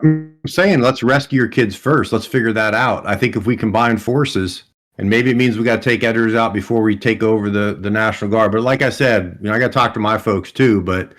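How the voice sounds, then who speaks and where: A man's voice: lowish voice, a little fast, fairly bright tone, soft background music, close to an everyday voice. A man voicing an earnest adult male survivor in a tabletop game, making a blunt, persuasive plea for peace.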